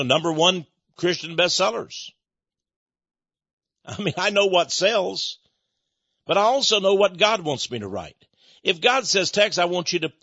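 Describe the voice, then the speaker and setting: A man's voice: fairly high pitch, pushed and bright, husky, dry recording, highs cut off. A man hosting a radio ministry, making a folksy, earnest appeal for donations and then teaching from the Bible, with frequent restarts. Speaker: ministry leader and program host.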